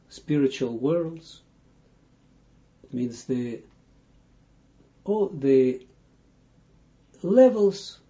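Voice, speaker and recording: Slow, dark-voiced man teaching haltingly. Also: fairly high pitch. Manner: halting, searching for words with many restarts. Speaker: Kabbalah teacher. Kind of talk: unscripted audio lesson. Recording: dull lo-fi audio.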